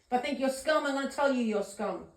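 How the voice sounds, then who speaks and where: A woman's voice: sits high, expressive, fast talker, roomy sound. A woman giving a tarot reading vlog, a blunt, ranting straight talker who swears freely. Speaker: tarot reader.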